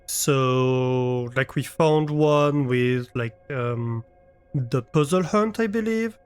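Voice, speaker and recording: A man's voice: medium pitch, slow, smooth, faint music behind. A man live-streaming a game from his room, chatting casually with viewers and thinking aloud as he plays. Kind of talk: casual chat while playing a game. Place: his own room at home.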